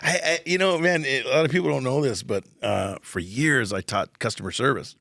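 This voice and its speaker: A man's voice: medium pitch, fairly quick, creaky, sharp tone, dry recording, studio quality. A male comedian, a podcast guest, telling rambling stories in casual chat, laughing and swearing along the way.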